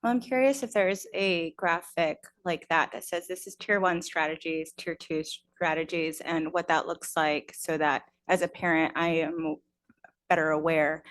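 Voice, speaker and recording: A woman on a school board asking polite, curious questions, a little hesitant. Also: sits low.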